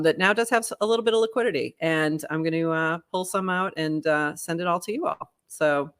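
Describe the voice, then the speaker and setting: Bright-voiced woman, faint boston accent, chatting on a podcast and laughing a lot. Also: low-pitched. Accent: Boston, mostly softened. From Boston area, US. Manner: chatty, laughs often, animated. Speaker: podcast co-host. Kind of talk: casual chat.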